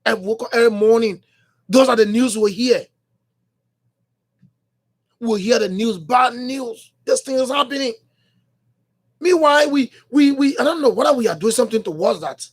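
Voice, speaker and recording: A Liberian man hosts a morning radio talk show in a studio, his voice sitting notably high for a man. He thinks out loud in a loose monologue, circling back to the same phrases and filling pauses with hesitant fillers and restarts. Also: breathy edge. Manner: rambling, repeats phrases, many fillers and restarts.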